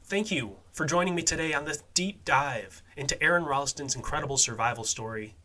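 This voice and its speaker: A man hosting a true-crime and survival podcast, talking casually with swearing and fillers, his voice dropping quietly at phrase ends. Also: on the high side, fairly quick, music in the background. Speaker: podcast host.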